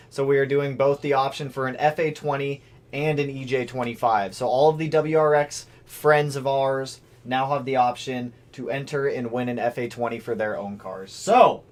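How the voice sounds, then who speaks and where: A man hosting a car livestream, chatting casually and excitedly calling out viewers' names. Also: mid-range voice, normal speed. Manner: excitable, shouts out chat names. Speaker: car channel host.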